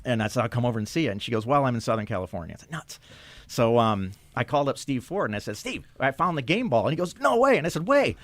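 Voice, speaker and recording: A man from Michigan spins a long anecdote at a rapid clip, his delivery lively and full of quoted voices. The sound is close and dry, with no room around it. He laughs easily as he goes. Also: mid-range voice, no echo. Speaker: guest filmmaker. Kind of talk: animated storytelling in conversation.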